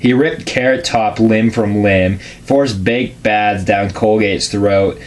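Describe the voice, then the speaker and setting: Deadpan man reading a crude story. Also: on the low side, slow pace. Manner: deadpan, casual, crude asides. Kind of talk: comedic dramatic reading of a fan story.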